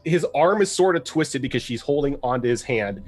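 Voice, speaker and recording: A man's voice: medium pitch, expressive, fairly quick, soft background music. A man narrating a tabletop game as game master, casual and full of fillers. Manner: casual, with many fillers and laughs.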